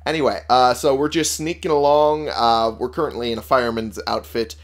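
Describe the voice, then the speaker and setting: A young man with a Texan accent and a mid-range voice talks a little fast with fairly even intonation. He's a let's play streamer giving casual gameplay commentary that's sarcastic, profane, and full of fillers.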